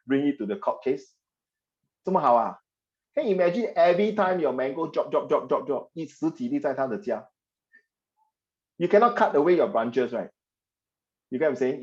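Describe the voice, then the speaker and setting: Animated man teaching history online. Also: medium pitch, lo-fi sound. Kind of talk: online class lecture.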